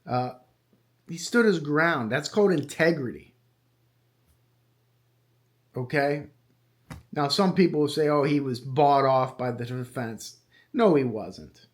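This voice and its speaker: Middle-aged male podcast host, slightly higher pitch, casual and opinionated monologue with fillers. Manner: conversational, opinionated, with frequent fillers. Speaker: true crime podcast host and retired detective.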